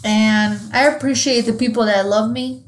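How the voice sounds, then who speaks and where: A woman co-hosting a podcast, talking bluntly and swearing freely. Her voice sits fairly high. A faint noise runs under the recording. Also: steady tone, moderate pace. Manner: blunt, profane, says bro a lot. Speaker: podcast co-host. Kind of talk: casual chat.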